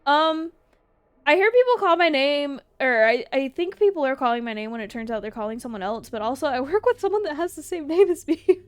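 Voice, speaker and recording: A woman's voice: high-pitched, animated, fairly quick, no room sound. A woman streamer in casual livestream chat, answering viewer questions, laughing often and swearing freely.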